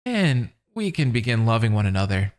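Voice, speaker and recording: A man voicing an obsessive male stalker boyfriend from a game, speaking in a calm, smug, quietly menacing way. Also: medium pitch, moderate pace, natural voice.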